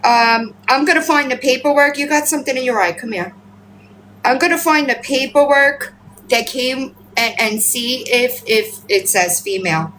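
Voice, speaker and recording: A woman's voice: normal speed, fairly bright tone, a little hiss or hum, low-quality recording. Profane, rambling woman livestreaming at home. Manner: profane, rambling, and chatty, switching to high baby-talk with her pets. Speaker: livestream host. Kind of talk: casual livestream chat. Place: at home with pets. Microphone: phone.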